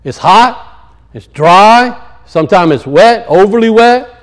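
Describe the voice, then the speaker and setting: A man preaching a sermon and telling stories, swinging from loud high peaks to low muttered asides. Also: animated, takes it slowly, rough recording. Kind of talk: sermon with storytelling.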